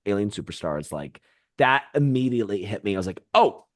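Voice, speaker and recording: A young man co-hosting a pop music podcast, chatting playfully with sudden high-pitched jumps for emphasis. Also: animated, fast talker, dry recording, clean studio sound. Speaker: podcast co-host. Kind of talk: casual chat.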